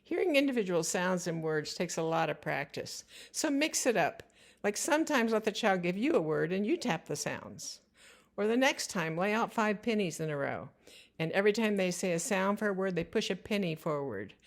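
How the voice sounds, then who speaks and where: A woman giving instructional narration for parents. She talks in a slow, careful way and spells out the sounds of words. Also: mid-range voice, sing-song. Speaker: teacher.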